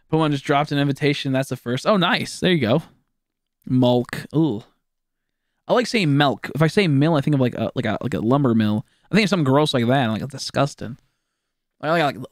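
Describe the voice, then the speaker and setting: A man's voice: mid-range voice, dry recording, clean studio sound. A young man from Texas with a Texan accent, rambling, joking and swearing as he chats with viewers during a game stream. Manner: rambling, swearing, jokey, chatting with viewers while playing. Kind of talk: casual live-stream gaming chat.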